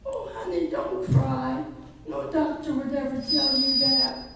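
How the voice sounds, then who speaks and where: A woman voicing a husband gently reassuring his wife in a joke, recorded from far off in an echoey room. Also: sits high, unhurried, heavy background noise.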